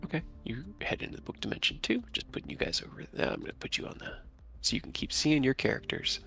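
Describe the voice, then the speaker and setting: A man's voice: mid-range voice, big pitch swings, fast talker, creaky, sharp tone. A man narrating as game master in a tabletop game, loose and conversational with fillers.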